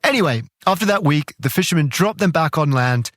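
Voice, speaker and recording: A man's voice: on the high side, expressive, fairly quick, a bit bright, dry recording. Dry, enthusiastic male host. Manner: enthusiastic, conversational. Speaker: podcast host. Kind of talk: scripted narration.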